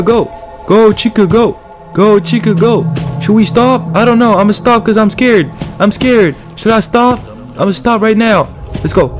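Excitable young gamer yelling at the screen. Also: male voice, high-pitched. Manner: excitable, yelling orders, slangy trash talk. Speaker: gaming streamer. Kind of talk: let's play commentary.

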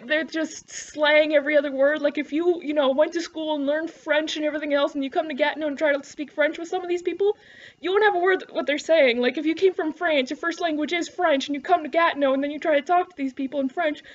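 A Canadian woman with a Canadian accent talks casually to her camera, rambling and sarcastic. Her voice sits high, and the home recording sounds slightly dull and lo-fi. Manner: rambling, sarcastic, laughs often. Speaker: vlogger.

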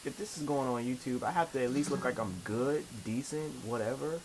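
A young man casually commentating while he plays an online shooter, swearing and complaining with sudden excited outbursts. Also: medium pitch, fairly quick. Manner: profane, frustrated, with excited outbursts. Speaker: gamer. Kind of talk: live commentary over gameplay. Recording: noisy capture over game audio. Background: game sounds.

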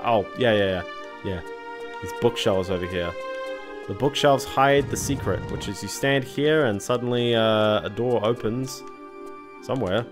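Low-voiced man rambling through gameplay. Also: a little slow, over music. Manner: rambling, thinking aloud while playing. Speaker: streamer playing a video game. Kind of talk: casual gameplay commentary.

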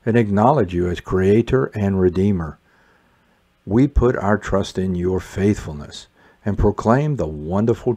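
A man leading morning prayer, reciting psalms and responses in a measured liturgical way. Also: deep voice, mellow. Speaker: prayer leader.

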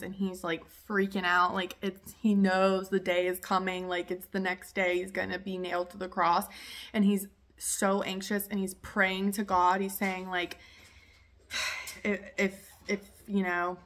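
A young woman hosting a podcast from home, retelling a story in a chatty, animated way with many fillers. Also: mid-range voice. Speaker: podcast host. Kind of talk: casual storytelling chat. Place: home with her dog nearby.

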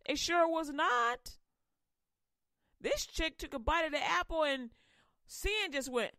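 A woman's voice: extremely high pitch, very animated, slow, gravelly, long pauses, sharp tone, no room sound, clean studio sound. A woman podcast host retelling a Bible story comically, playful and preachy.

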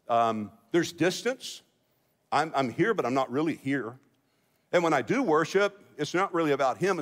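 Male pastor, higher voice, chatty preaching with humor, live church reverb. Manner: conversational preaching with humor and asides to the congregation. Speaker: senior pastor. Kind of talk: sermon. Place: church sanctuary. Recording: long church hall reverb.

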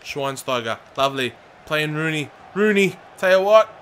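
A man commentating his own football video game, excitable and shouting at the players and the referee. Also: fairly high pitch, normal speed. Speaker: gaming channel host.

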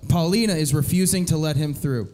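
A man's voice: on the high side, brisk, a little mellow. A man narrating stage directions in a comedic live script reading, often breaking into giggles. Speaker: narrator and host.

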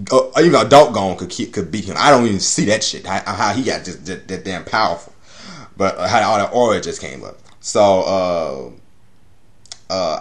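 A man giving a casual, rambling anime episode review, swearing and laughing often. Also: fairly low pitch.

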